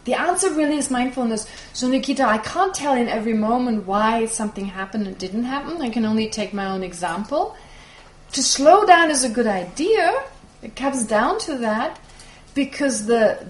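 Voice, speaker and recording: A woman whose first language is German, teaching a Buddhist class and answering questions in a lively, explanatory way. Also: fairly high pitch. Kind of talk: teaching with audience Q&A. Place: teaching hall with audience. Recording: echoey room, faint noise.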